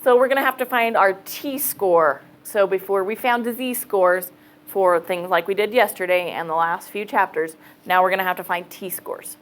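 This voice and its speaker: A woman's voice: mid-range voice, normal speed, rough recording. A woman math teacher giving a casual classroom lecture, thinking aloud and checking in with students. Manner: casual, chatty, thinks aloud, says okay often.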